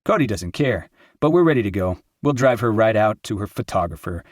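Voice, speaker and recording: A low-voiced man narrates an audiobook in a steady, lyrical reading style. His delivery flows evenly through long sentences. The recording is close and dry, with no room sound. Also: fairly quick, no room sound. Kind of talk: scripted narration.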